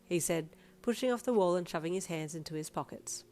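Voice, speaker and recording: A woman narrating a second-person fanfiction story, with lively, expressive reading. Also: on the low side, a little fast, hardly any pauses, a little hiss or hum.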